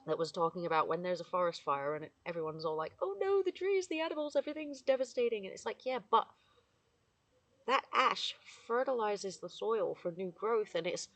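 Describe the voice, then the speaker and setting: Teary woman talking to her phone outside under the trees, gushy and emotional, keeps laughing. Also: lowish voice. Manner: emotional, effusive, laughing often, bursts into singing. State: tearful. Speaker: vlogger. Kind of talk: casual spoken reflection. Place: outdoors among trees in the morning.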